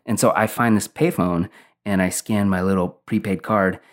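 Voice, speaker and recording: Young male storyteller, low-ish voice, rambling and laid-back. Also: fairly even intonation, moderate pace. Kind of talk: casual personal storytelling.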